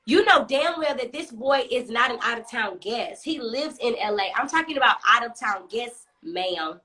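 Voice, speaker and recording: A young woman rants through a story into her phone on a live stream, sassy and foul-mouthed. Her voice is high and bright, and she drives home her points by repeating them. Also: normal speed, hardly any pauses. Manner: animated, sassy, heavy cursing, emphatic repetition. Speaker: storyteller host.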